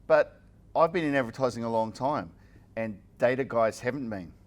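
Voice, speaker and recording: A man's voice: mid-range voice, normal speed. A man speaking casually and hesitantly, with many fillers and restarts. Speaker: executive creative director at an ad agency. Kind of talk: casual conversation.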